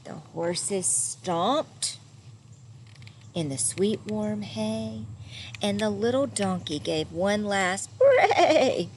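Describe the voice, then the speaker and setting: A woman reading a picture book aloud to children, doing animal sounds and pausing to ask her listeners questions. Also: medium pitch, lively intonation, background noise. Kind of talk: read-aloud storytime.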